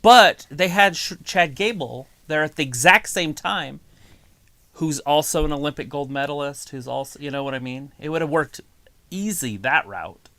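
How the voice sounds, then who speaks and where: A man's voice: a little high, normal speed, sharp tone, no echo. Laid-back rambling man co-host, dry sound. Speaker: co-host of a live wrestling stream. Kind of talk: casual live-stream chat and match commentary.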